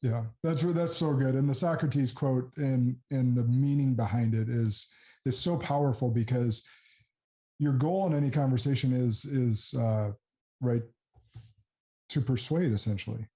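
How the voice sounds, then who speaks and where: Mellow-voiced podcast host, earnest. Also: male voice, medium pitch, measured pace. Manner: affirming, earnest and reflective. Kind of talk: casual interview chat.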